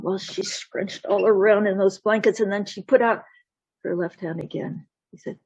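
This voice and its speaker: A woman storyteller telling a folktale slowly and deliberately, voicing the sound effects herself over a video call. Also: mid-range voice, fairly even intonation, a little mellow, slightly rough, dry recording. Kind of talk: told folktale. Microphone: video call mic. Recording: dull lo-fi call audio.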